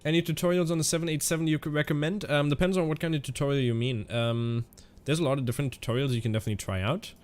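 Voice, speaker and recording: A man streaming a flight simulator, chatting casually in a halting way and answering viewers' questions as he flies. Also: fairly high pitch, steady tone, clean tone. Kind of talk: casual live-stream commentary.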